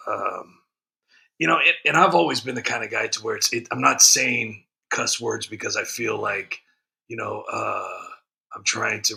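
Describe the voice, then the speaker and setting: A man chats casually on his livestream, greeting viewers and reading their comments. He talks in a rambling way. His voice is strikingly bright, with a gravelly edge. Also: on the low side. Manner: rambling, frequent ums and restarts. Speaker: livestream host.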